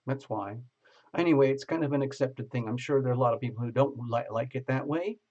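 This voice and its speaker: A chatty man hosts a live stream, reading out comments and bantering with his viewers. His voice is husky and sits at an ordinary pitch. The audio is a little muffled. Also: fast, a little mellow. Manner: chatty and joking, greets viewers by name. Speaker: tarot reader hosting a live stream.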